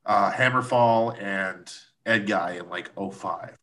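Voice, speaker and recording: A man's voice: on the low side, takes it slowly, a bit bright. A man chatting casually about live shows, laid-back and profane, with lots of fillers. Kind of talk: casual chat.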